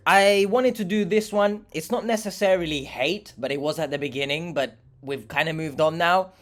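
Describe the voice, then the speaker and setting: A man's voice: a little high, moderate pace, fairly bright tone. Sarcastic young man chatting. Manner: sarcastic, rambling, talks with his mouth full. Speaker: vlogger. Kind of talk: casual chat while eating.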